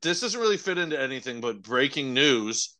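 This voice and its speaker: A young man co-hosting a casual podcast, laid-back and jokey, tossing out quick asides. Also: mid-range voice, big pitch swings, sharp tone. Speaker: podcast co-host. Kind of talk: casual chat.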